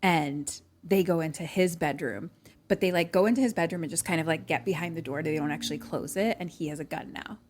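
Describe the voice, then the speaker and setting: A woman's voice: low-pitched, fairly quick, darkish tone. A young adult woman co-hosting a podcast, casually retelling a film plot with lots of "like"s and acting out the characters' lines. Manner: chatty, many "like"s, acts out lines from the film. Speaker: podcast co-host.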